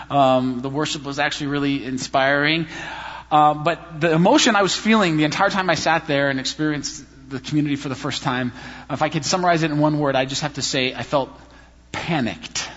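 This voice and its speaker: A man preaching a sermon in a church, telling personal stories in an animated, self-deprecating way. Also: a little high. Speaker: pastor. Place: church sanctuary. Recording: reverberant hall, slightly dull sound.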